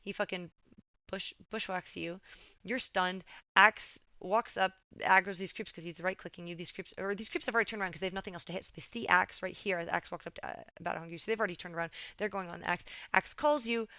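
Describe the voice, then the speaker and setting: A woman's voice: on the low side, fairly even intonation, fast talker, sharp tone, dry recording, highs cut off. A young woman giving casual game coaching over a replay, swearing often and getting heated as she rants.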